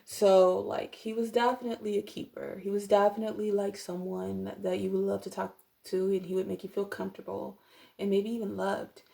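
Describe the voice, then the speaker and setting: A young woman does a casual tarot reading into her camera at home. Her voice has a gravelly, creaky edge and sits at an ordinary pitch. She rambles, piles on fillers and keeps breaking off to apologize. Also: level tone, a little fast, warm tone. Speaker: tarot reader.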